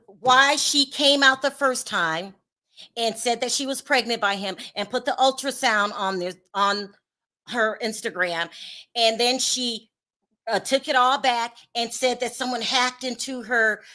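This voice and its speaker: A woman's voice: on the high side, bright, forceful tone. A woman hosting a gossip commentary channel, talking bluntly and sassily straight to her viewers. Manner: blunt, sassy, talks straight to the audience.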